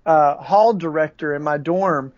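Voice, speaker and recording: A man with a Southern US accent, a podcast guest telling stories in a halting way with many restarts. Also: on the high side, no room sound. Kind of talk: conversational storytelling. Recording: dull, dry lo-fi audio.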